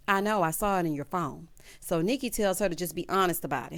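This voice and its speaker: A woman casually recapping a TV episode, sassy and animated, acting out the characters' lines. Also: on the low side, fast, dry recording. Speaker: recap vlogger.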